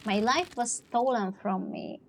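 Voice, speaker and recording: A woman voicing a vengeful old male ghost who demands years of life, read slowly and gravely. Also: a little high.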